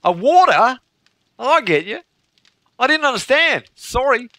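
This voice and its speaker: A man's voice: very high-pitched, big pitch swings, very slow, a bit bright, no echo, pitched above the performer's own voice, full character voice. A man putting on a chirpy Australian waitress. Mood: cheery. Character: friendly young Australian waitress woman, apologetic.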